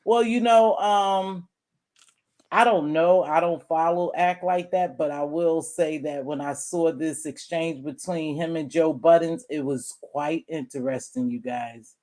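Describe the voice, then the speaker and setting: A woman hosting a relaxed group conversation, telling stories and acting out what people said in lively quoted voices. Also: low-pitched, a little slow. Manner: animated storyteller acting out quotes. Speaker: host. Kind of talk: casual chat.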